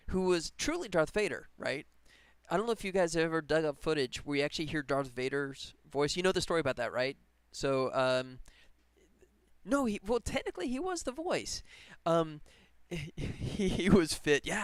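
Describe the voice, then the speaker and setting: On a clean, echo-free recording, a man with a high-leaning, slightly bright voice chats casually during a work livestream. The game developer rambles along and laughs a lot.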